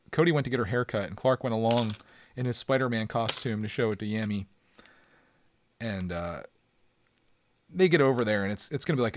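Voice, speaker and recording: A man hosting a casual live stream from home, joking around and chatting with his viewers. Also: mid-range voice.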